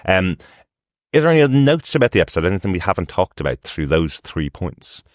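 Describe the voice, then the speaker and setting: A man's voice: low-pitched, very animated, fast talker, no room sound, clean studio sound. A man hosting a casual podcast discussion, rambling with frequent restarts and light chuckles. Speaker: podcast host. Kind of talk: casual podcast chat about a TV episode.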